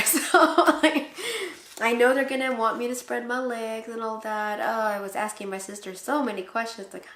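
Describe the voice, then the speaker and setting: A woman in her twenties from the Philippines talks casually to her viewers with a fairly high voice, breaking into laughs and acting out what people said. The room has a noticeable echo. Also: fairly even intonation, normal speed, a bit bright. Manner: chatty, laughs often, acts out quotes. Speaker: pregnancy vlogger. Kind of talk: casual chat to camera. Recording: echoey room.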